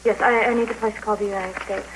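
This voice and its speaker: A woman's voice: mid-range voice, fairly even intonation, fast talker, background noise, natural voice. An actress playing an anxious young woman stranded far from home in a soap opera.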